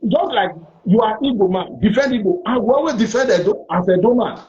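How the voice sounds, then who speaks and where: A man's voice: high-pitched, animated, fairly quick, a little mellow, lo-fi sound. A man with a Nigerian accent hosting a live call-in debate, confrontational and repetitive, talking over callers. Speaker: host.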